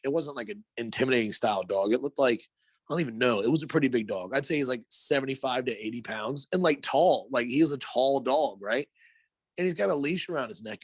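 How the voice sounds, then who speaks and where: A man's voice: mid-range voice, dry recording. A man co-hosting a podcast, telling a long story in a rambling, profane way, full of fillers. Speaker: podcast co-host. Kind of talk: casual storytelling.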